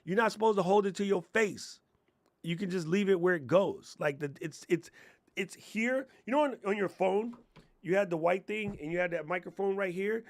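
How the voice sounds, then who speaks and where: Male streamer, slightly high voice, dry close sound, sarcastic rant, casual tips. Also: normal speed, no echo. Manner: ranting, sarcastic, jokey, puts on mocking voices; laid-back and muttering while working the computer. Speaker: content creator giving tech tips. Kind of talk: casual livestream tutorial. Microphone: lapel mic on chest.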